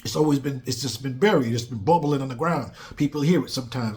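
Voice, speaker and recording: Guy venting in a blunt casual rant, keeps repeating himself for emphasis, mid-pitched voice. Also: fast talker, hardly any pauses, darkish tone. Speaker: commentator. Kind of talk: casual political monologue.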